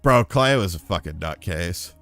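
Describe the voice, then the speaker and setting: A man's voice: deep voice, normal speed, no echo, soft background music. A man streaming live, telling rambling, profane stories in casual chat. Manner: profane, rambling, animated storyteller. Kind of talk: casual storytelling on a livestream.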